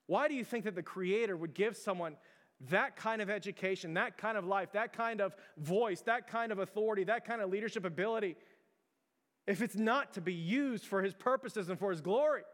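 A high-voiced man delivers a sermon, talking casually with lots of fillers and firing rhetorical questions at the congregation. His voice rings out with a long reverb, as in a large hall. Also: a bit bright. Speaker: pastor.

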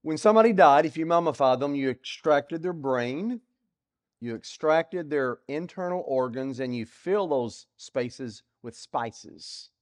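A man teaching through a Bible passage in a sermon, asking rhetorical questions and swinging between loud and soft. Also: fairly high pitch, lively intonation, a little slow. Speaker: preacher.

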